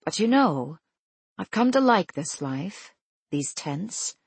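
A woman reading the lines of an elderly husband who is sleepy, fond and teasing, speaking slowly and gently. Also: fairly low pitch, very animated, gravelly, slightly rough, no room sound, heavily acted.

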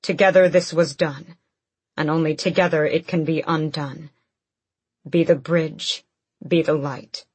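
A cold, proud young witch with a tight, clipped delivery, as a woman narrator puts her on. The voice sits low and husky and moves slowly, dry and close in an audiobook reading. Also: steady tone, no echo. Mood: grim.

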